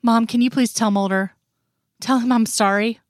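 A woman's voice: a little high, fairly even intonation, moderate pace, no echo, studio quality, lightly acted. A woman reading a remorseful tearful daughter.

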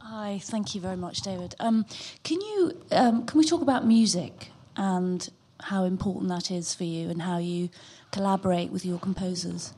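A woman in the audience politely and hesitantly asks a question in a soft voice. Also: fairly low pitch, moderate pace, breathy edge. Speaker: audience member asking a question.

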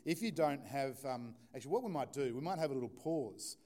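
A man's voice: medium pitch, expressive, a little fast, darkish tone. A male pastor delivers his sermon in a chatty, easygoing way. He keeps it informal and jokes with the congregation, a church setting behind his words. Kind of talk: conversational sermon.

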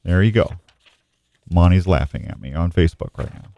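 A man's voice: low-pitched, brisk, gravelly, no room sound, muffled recording. Casual man hosting outdoors radio. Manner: rambling, self-deprecating, reads reports aloud. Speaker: radio show host. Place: radio studio. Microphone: studio microphone.

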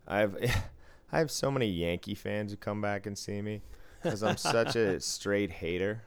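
A middle-aged man, chatting casually as a casino dealer, animated and laughing, swearing now and then. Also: lowish voice, unhurried, clean tone, dry recording. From Boston. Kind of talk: casual chat.

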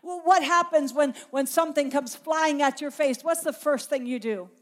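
A woman's voice: sits high, moderate pace. A woman preaching a sermon, impassioned and emphatic, building through repeated phrases.

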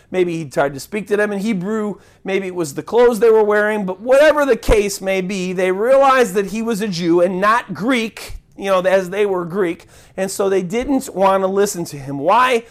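A man preaching a sermon as pastor, animated and conversational, acting out crowd voices and chants, with frequent restarts and asides to the congregation. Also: sits high.

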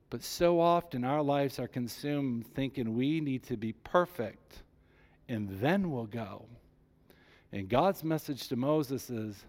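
A man preaching a sermon, rising with emphasis and dropping low and soft when he voices God's words. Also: animated, takes it slowly. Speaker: pastor.

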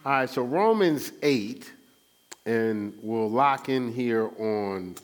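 This pastor preaches slowly in a mid-range voice with lively intonation. His sermon is relaxed and conversational, built around call-and-response questions that invite the church to fill in words.

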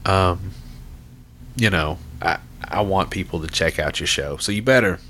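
A man's voice: low voice, a little slow, pushed and bright, slight background noise. A man hosting a podcast, chatting casually in a rambling, profane, laid-back way. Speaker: podcast host.

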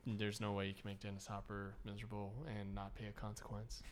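A man's voice: on the low side, completely flat delivery, a little fast, a little hiss or hum. A man co-hosting a casual podcast chat, hesitant and joking. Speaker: podcast co-host.

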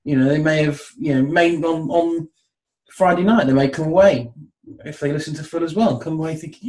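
A man's voice: on the high side, a little fast, a little mellow, rough recording. A man discussing football on a podcast who rambles and thinks aloud, with many fillers. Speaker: football pundit.

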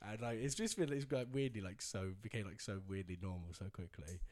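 A man's voice: on the low side, expressive, fairly quick, darkish tone. A man telling a long rambling anecdote in casual chat, with lots of fillers and laughter. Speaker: storyteller guest.

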